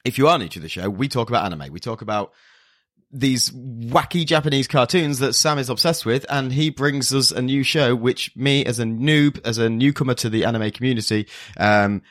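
A man's voice: medium pitch, moderate pace, fairly bright tone, no echo. A man co-hosting a casual podcast, rambling and self-deprecating with playful swearing. He sounds drowsy and a little worn from hay fever pills. His voice is recorded close and dry, with no room sound. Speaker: podcast co-host. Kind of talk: casual chat.

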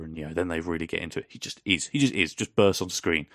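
A man with a very deep voice chats eagerly as a podcast co-host. He swears freely and jumps into quoted lines with a little voice of his own. The sound is dry and close. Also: fairly quick, a bit bright, no room sound. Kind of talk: casual fan chat.

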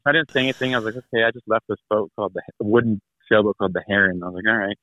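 A lowish, sharp voice with wildly swooping pitch rattles off a travel story fast and without echo. The speaker, a guest in his thirties on a tinny phone-like line, rambles casually and laughs while acting out the characters.

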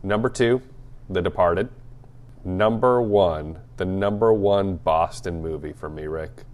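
A young man with a very low, deep voice co-hosts a relaxed movie podcast. He talks in an easygoing, joking way and laughs a lot. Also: unhurried. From Atlanta area. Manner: laid-back, joking, laughs often. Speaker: podcast co-host. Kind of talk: casual movie podcast chat.

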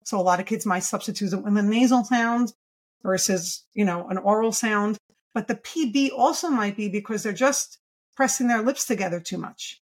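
A woman's voice: mid-range voice, moderate pace. A woman in her forties, a children's speech therapist, explaining speech errors in a podcast interview and saying sample sounds aloud. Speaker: pediatric speech-language pathologist.

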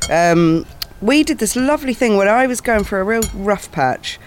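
A man's voice: high-pitched, expressive, moderate pace, a little hiss or hum. A man with a South East London accent, a podcast guest chatting frankly over dinner and talking with his mouth full. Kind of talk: casual chat over a meal. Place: home, at a dining table.

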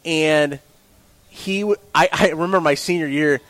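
A man's voice: fairly high pitch, moderate pace, no room sound, poor audio. A man, a sports director telling rambling stories in a casual podcast interview. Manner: rambling, animated storytelling with restarts. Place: restaurant.

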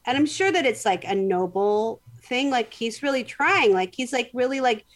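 A woman's voice: on the high side, moderate pace, hardly any pauses. A woman hosting a podcast, telling a story in casual chat, rambling with lots of fillers and restarts. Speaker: podcast host.

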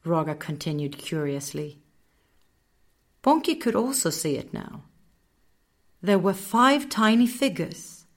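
A woman narrating a children's story in a gentle, measured way. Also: lowish voice, animated.

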